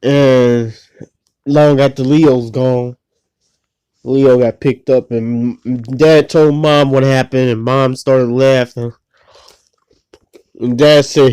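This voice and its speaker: A man's voice: medium pitch, steady tone, slow, long pauses, warm tone, clean tone. A man telling a casual, rambling story full of slang and restarts.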